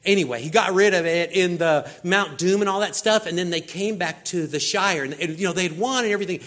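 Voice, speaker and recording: A man's voice: sits high, a little fast. A man preaching a sermon in a casual, conversational way, acting out voices as he retells stories. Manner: casual, animated storytelling with acted-out voices. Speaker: pastor.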